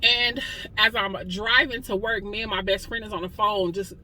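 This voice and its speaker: In this slightly noisy, poor-quality recording, a woman in her forties gives an impassioned personal testimony. Her medium-pitched voice is bright and forceful, with fairly even intonation and a moderate pace. Weary and near tears, she speaks straight to listeners in a conversational way.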